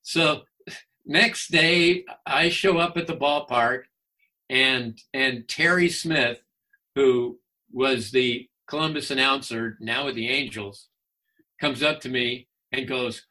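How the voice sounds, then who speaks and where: A man in his sixties, a guest on an interview, telling baseball stories in a chatty, animated way and laughing often. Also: mid-range voice, slow. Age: 60s. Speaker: guest, former baseball announcer. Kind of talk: casual anecdotal storytelling.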